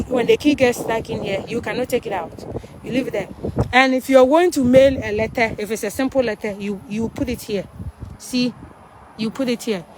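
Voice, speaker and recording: A woman with a slightly higher voice walks viewers through a new housing development outdoors. She explains in a casual, step-by-step way and keeps asking if they follow. A faint hum of background noise sits behind her. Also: darkish tone. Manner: explains step by step, keeps checking in with "right?" and "you see". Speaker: vlogger giving a neighborhood tour. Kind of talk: casual explanatory walk-and-talk.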